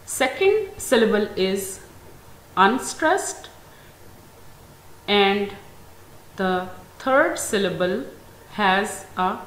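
Very slow-speaking woman teacher. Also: medium pitch, animated, fairly bright tone. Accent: Pakistani English. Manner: very slow and deliberate, stressing example words. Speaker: English teacher. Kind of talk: classroom lecture. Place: school classroom. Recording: echoey room, faint ambient noise.

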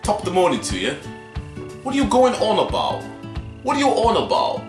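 A man's voice: high-pitched, huge pitch swings, fairly quick, voice pushed up. A man voicing a snooty British football fan in a put-on, raised British accent. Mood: cheeky. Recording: roomy, faint music.

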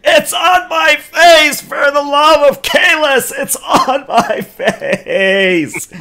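A man voicing a panicking male Klingon warrior in a tabletop game, shouting shrilly in terror. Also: very high voice, very slow, pitched above the performer's own voice, heavily acted. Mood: hysterical.

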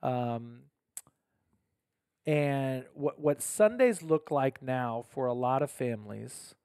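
A man's voice: medium pitch, expressive, slow pace, darkish tone, clear, resonant tone, dry recording. Priest host, man, middle-range voice; conversational, earnest, restarts a lot, dry close mic. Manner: earnest, self-correcting, lots of restarts. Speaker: pastor and podcast host. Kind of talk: casual podcast conversation.

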